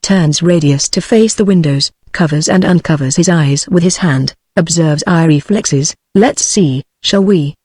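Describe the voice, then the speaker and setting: A woman's voice: low-pitched, normal speed, hardly any pauses, husky. British woman's synthetic voice reading stage directions. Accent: British English. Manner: even, steady synthetic reading. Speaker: audiobook narrator.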